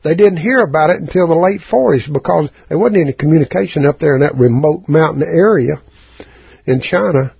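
A man preaching a sermon as a folksy, halting story, with a raspy voice and many restarts. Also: fairly high pitch, animated, no room sound, lo-fi sound. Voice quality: raspy, gravelly.

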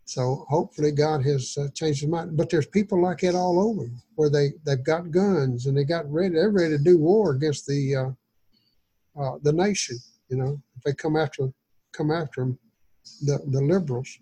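A man's voice: a little high, moderate pace, mellow, slightly rough, low-quality recording. A man leading an informal Bible study, teaching in a folksy, rambling way. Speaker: pastor.

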